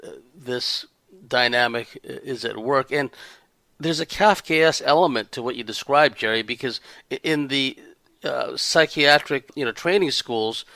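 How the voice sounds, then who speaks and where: A man's voice: mid-range voice, measured pace, gravelly, pushed and bright, no echo. A man hosting an interview, offering articulate, wordy reflections on what his guest said. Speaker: host. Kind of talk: interview commentary.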